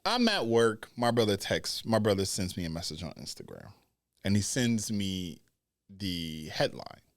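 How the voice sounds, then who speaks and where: A man hosting a wrestling podcast in a loose, unscripted way. He talks slowly and deliberately, but his pitch swings widely as he leans into words. The sound is dry and close, with blunt language and heavy emphasis. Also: very animated, no room sound. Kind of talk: casual commentary.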